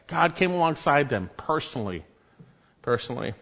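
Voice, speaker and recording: A man preaching a sermon, emphatic, rising to loud exhortations and dropping to low, quiet stresses. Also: very animated, normal speed, highs cut off.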